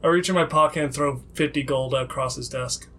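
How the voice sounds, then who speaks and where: A man playing in a casual tabletop game, joking and animated. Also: mid-range voice, a little fast. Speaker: player.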